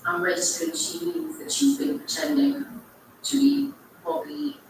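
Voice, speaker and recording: A woman's voice: sits high, big pitch swings, measured pace, vocal fry. A woman recounting her story in documentary testimony, telling it dramatically. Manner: dramatic storyteller acting out quoted lines. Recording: echoey distant TV audio with faint noise.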